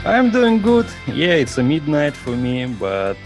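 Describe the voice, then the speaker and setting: A man from Russia speaking English with a Russian accent as a podcast guest, pausing often to search for words. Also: on the high side, wildly swooping pitch, over music. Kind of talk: casual interview chat. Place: home at night, remote call.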